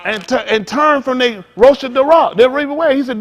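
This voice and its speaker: A man preaching informally to a congregation, animated and conversational, acting out little dialogues as he goes. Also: very high-pitched, a little fast. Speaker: pastor.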